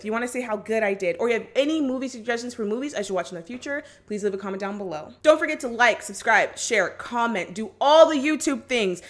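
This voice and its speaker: A high, fairly bright female voice carries this casual movie recap. The vlogger is chatty, leans heavily on "like" and "just like," and acts out the quotes as she goes.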